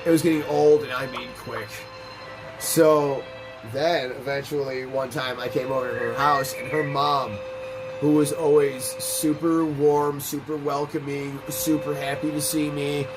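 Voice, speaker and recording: A man's voice: fairly high pitch, measured pace, rough recording. A man hosting a game playthrough, rambling through a long, profane personal story as he plays. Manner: rambling, profane, animated anecdotes. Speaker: let's play host. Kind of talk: casual gameplay commentary and storytelling. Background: game music.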